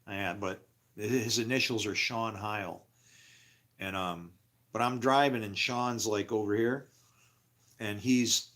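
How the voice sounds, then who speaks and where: A middle-aged man casually telling a personal story, acting out other people's voices loudly and in a raised pitch.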